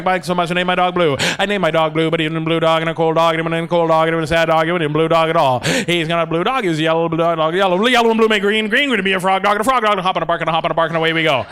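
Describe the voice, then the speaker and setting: A scatterbrained young auctioneer, put on by a man rattles off numbers in a breakneck chant, then wanders into rambling nonsense. The voice sits a little high and stays smooth. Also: a bit bright.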